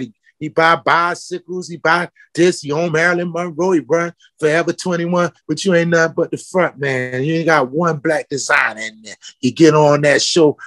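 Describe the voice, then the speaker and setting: Man, fiery, preaching, fairly high voice, dry close sound. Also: fairly bright tone, no room sound. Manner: fiery, preaching, calls people out with repeated questions. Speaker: footwear company founder. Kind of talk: passionate interview talk.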